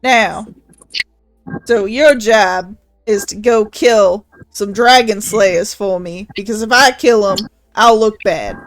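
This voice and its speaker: A woman's voice: mid-range voice, takes it slowly, dry recording, soft background music, close to an everyday voice. A woman voicing a boastful, meat-loving male dragon who is mayor of a town, rambling and crude in an improvised tabletop role-play. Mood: cocky.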